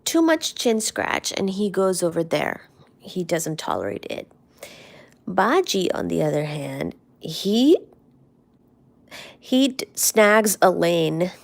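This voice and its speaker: Woman streamer, unhurried fond rambling, gravelly fry, trails off to near-whispers. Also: lowish voice, sing-song. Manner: soft, affectionate, rambling, often drops to a near-whisper. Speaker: livestream host. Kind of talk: casual live-stream chat about her cats.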